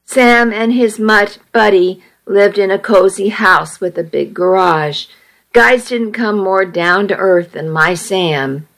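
A young woman in her twenties reads a first-person story aloud in a slow, deliberate way. Her delivery is wry and unhurried, letting each phrase settle. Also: mid-range voice, gravelly, a bit bright. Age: 20s.

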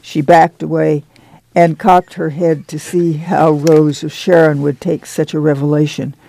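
Gravelly, high-pitched male narrator. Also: little pitch movement, a little slow, mellow, rough recording. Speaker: audiobook narrator. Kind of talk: scripted narration.

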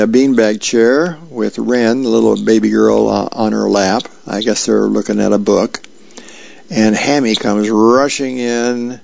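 A man with a deeply gravelly, creaky voice reads newspaper comics aloud as a radio reader. He calmly walks through each frame in a plain, unhurried way. The sound is very dry and slightly dull, like a lo-fi broadcast. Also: no room sound. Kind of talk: reading comic strips aloud.

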